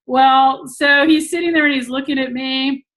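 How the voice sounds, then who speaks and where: A woman's voice: high-pitched, steady tone, normal speed, fairly bright tone, rough recording. A woman who teaches tantra talks casually to an online audience over a video call and laughs often while she tells stories.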